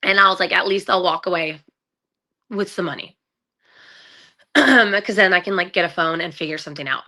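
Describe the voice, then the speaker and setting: A woman's voice: lowish voice, moderate pace, bright, forceful tone. A woman guest telling her own story in a conversation, candid, with many fillers and acted-out quotes of what people said. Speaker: guest, trafficking survivor.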